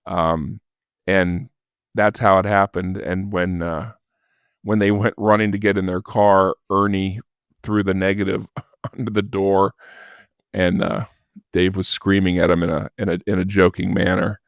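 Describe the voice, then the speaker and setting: Older man with a low voice telling a story. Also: unhurried, no echo, studio quality. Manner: lively storyteller who acts out quoted voices. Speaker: podcast guest, former record store manager. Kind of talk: casual anecdote telling.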